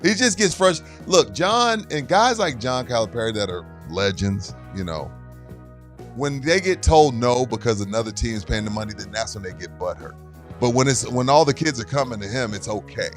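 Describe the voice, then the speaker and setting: A man's voice: mid-range voice, animated, normal speed, faint music behind. A man co-hosting a sports podcast, ranting hotly and mocking the people he quotes. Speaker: podcast co-host. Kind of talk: casual sports chat.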